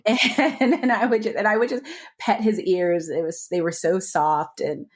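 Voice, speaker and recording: A woman's voice: medium pitch, fairly even intonation, a little slow, breathy edge. A woman co-hosting a podcast in casual chat, talking freely with frequent laughs and restarts. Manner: chatty, laughs often, trailing restarts. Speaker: podcast co-host.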